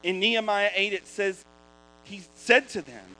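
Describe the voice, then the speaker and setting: A man preaching a sermon, emphatic and building to loud proclamations of scripture. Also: high-pitched, very animated, a little slow, a little hiss or hum, rough recording.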